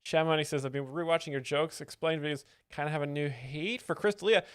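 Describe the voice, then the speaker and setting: A man's voice: fairly high pitch, quick pace, clear, resonant tone, no echo. A man hosting a live stream, giving dry, mock-professorial commentary on a stand-up clip. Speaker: host explaining jokes.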